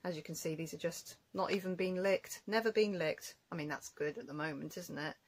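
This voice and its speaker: Casting: woman craft vlogger, husky lowish voice, rambling casual show-and-tell. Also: brisk, poor audio. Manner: chatty, rambling, self-correcting.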